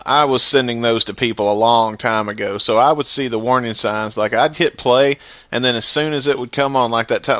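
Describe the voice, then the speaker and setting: An upbeat man hosts a casual podcast, joking around and laughing easily. His voice has an ordinary pitch. The sound is dry and close, with no room echo. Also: fairly bright tone. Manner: jokey and upbeat, laughs often. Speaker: podcast host.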